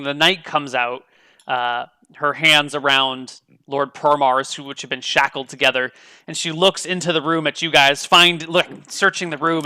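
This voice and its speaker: A man narrating as dungeon master in a tabletop game, relaxed with frequent ums. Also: a little high, smooth, no room sound.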